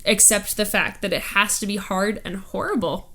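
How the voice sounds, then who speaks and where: A woman's voice: medium pitch, steady tone, normal speed, sharp tone. A woman co-hosting a casual podcast with her husband, earnest and reassuring, laughing often. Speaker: podcast co-host. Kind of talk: casual chat.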